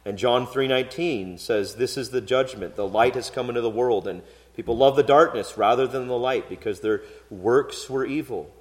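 A man's voice: medium pitch, normal speed, hardly any pauses. A male pastor giving an expository sermon in a conversational, storytelling way, with occasional fillers. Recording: long hall reverb.

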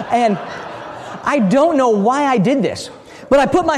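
A man from the United States giving a teaching talk in a large hall, a lively storyteller who often restarts and repeats his words. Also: very high voice, slow, slight background noise. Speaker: speaker at a training session. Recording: long reverb of a big hall.

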